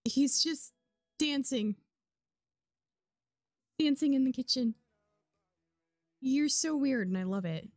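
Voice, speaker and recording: A young woman streaming a life-sim game, chatting casually and getting excited and squealy at times. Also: fairly high pitch, slow pace, pauses often, dry recording, studio quality, faint music behind. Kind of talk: casual gameplay commentary.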